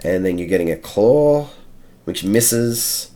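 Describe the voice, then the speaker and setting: A male game master narrates a tabletop battle in a measured way, counting out each move. His voice is deep and his pace unhurried. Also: lively intonation, warm tone. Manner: measured, counting out moves step by step.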